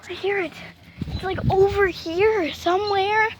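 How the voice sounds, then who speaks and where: A woman vlogging outdoors near a barn, talking in excited exclamations and hushed asides. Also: very high voice, a little slow, noisy background. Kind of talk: casual vlog narration.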